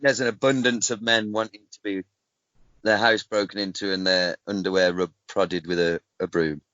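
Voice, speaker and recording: A man's voice: sits low, fairly even intonation, normal speed, a bit bright, no room sound, highs cut off. A man hosting a podcast, reading news stories aloud and often breaking into laughter mid-sentence. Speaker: podcast host.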